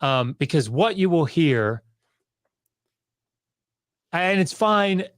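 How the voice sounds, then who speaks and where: A man speaking as a guest scholar in a casual interview, explaining in a rambling, joking way with quick asides and self-corrections. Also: a little high, lively intonation, no room sound, clean studio sound.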